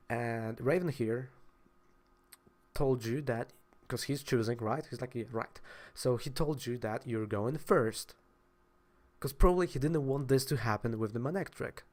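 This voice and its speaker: A young man with a Polish accent tells a heated story in a casual vlog. He swears freely and jumps between his own voice and the other players' lines. His pitch sits in an ordinary middle range for a man. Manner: animated, swearing, acts out both sides of an argument. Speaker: card game vlogger.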